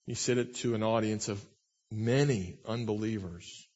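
A man, a pastor, preaching a sermon with earnest emphasis that rises to strong peaks and sinks low. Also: moderate pace, a little mellow, in a large hall, dull audio.

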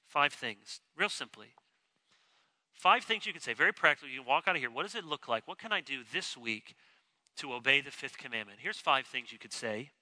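In a church sanctuary, a pastor delivers a sermon with emphasis and energy, acting out brief quoted lines for his congregation. His voice is medium in pitch.

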